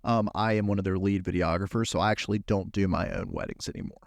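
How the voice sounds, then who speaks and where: A man's voice: low voice, quick pace, creaky, no room sound. A young adult man hosting a podcast, telling casual stories and acting out the people he quotes. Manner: animated anecdote-telling, acting out quoted exchanges. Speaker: podcast host and wedding videographer. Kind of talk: casual conversational storytelling.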